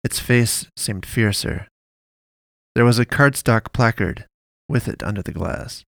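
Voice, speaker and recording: A man reading a scripted story in a steady, measured way. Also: mid-range voice, no echo. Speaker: narrator.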